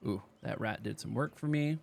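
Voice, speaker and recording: A man's voice: lowish voice, moderate pace, creaky, darkish tone. A man casually commenting on his own card game as he plays, chatty and talking while he eats. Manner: chatty, talks while eating. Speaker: streamer playing a card game. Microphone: desk microphone.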